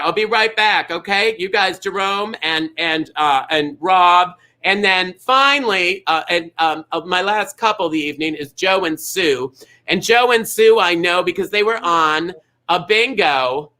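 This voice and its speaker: High, bright, campy bingo show host. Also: male voice, poor audio. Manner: sassy, teasing, exaggerated. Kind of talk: campy live show hosting.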